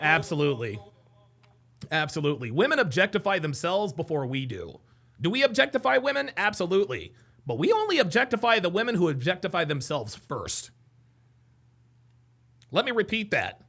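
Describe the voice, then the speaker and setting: Guy, excitable livestream reactor, lively and gravelly, teasing, says things over and over. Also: sits high, normal speed. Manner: excitable, mocking, repeats himself. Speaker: livestream host. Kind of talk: live reaction commentary.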